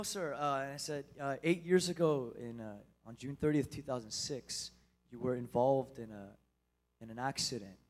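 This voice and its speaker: A young man stands before a church congregation and tells a personal story. His voice sits in a middle pitch range. He speaks haltingly and with feeling, often stopping and starting again. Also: rough recording. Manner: halting, emotional storytelling with many restarts. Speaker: church speaker sharing a testimony. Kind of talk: personal testimony in a sermon.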